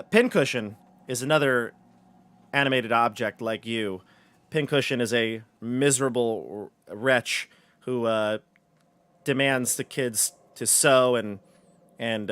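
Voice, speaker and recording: A man's voice: mid-range voice, takes it slowly, a bit bright. A man narrating as game master in a chatty, self-correcting way.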